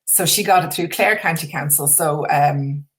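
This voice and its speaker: A woman's voice: low voice, moderate pace, a bit bright. An Irish woman chatting casually as a guest on a live stream, enthusiastic and full of restarts. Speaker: guest artist.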